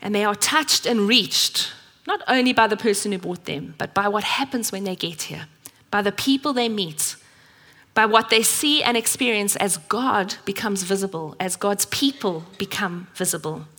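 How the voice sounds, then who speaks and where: Bright-voiced South African woman preaching. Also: mid-range voice, moderate pace. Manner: earnest, storytelling, acts out quoted voices. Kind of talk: sermon. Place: church. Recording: echoey church hall.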